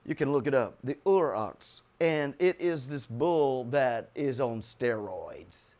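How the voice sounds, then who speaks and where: An older American man teaching the Bible in an excitable, chuckling way, with sudden loud bursts for emphasis. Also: medium pitch, slow pace.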